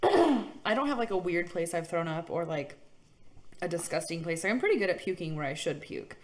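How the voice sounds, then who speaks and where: A woman's voice: lowish voice, animated, brisk. A young woman co-hosting a podcast, telling a story in an easygoing way and laughing often. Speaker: podcast co-host. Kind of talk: casual chat.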